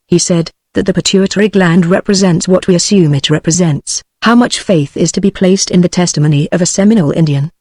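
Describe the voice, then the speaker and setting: A text-to-speech woman's voice with a British English accent, reading a novel aloud in an even, steady way. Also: fairly low pitch, dry recording. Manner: even, steady synthetic reading with no change between characters. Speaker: narrator. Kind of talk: text-to-speech audiobook narration.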